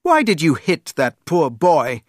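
A man doing Prince Edward, a high, bossy boy prince. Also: slow pace, no room sound, studio quality, exaggerated voice. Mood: commanding. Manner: orders loudly, lively and eager. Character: young boy prince, proud and commanding.

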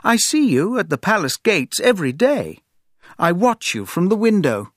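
Man voicing a young boy prince, high-pitched, lively swings, commanding and eager, storybook reading. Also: moderate pace, no room sound, clean studio sound. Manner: orders loudly, lively and eager.

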